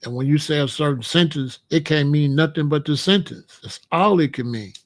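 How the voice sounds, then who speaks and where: A man whose voice is a little high speaks at a moderate pace while hosting a livestream. He lectures his chat viewers preachily, repeating phrases throughout.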